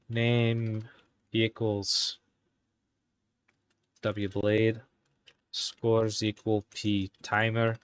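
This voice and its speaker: A man hosting a live stream, talking casually and halting as he types commands. He mutters to himself and corrects himself, all in an exaggerated put-on Irish accent. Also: on the low side, clean tone. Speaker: live-stream host coding game commands. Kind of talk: casual live-stream commentary while typing.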